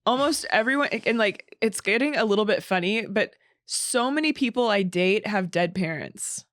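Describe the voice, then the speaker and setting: A woman's voice: medium pitch, animated, a bit bright, no room sound, clean studio sound. Bantering woman podcast co-host. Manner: bantering, quick teasing comebacks. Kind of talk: casual chat.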